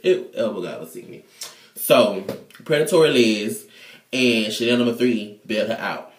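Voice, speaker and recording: A man casually recapping a TV episode in an animated, slangy, profane way. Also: fairly low pitch, normal speed, a little hiss or hum. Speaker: TV show reviewer. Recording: echoey room.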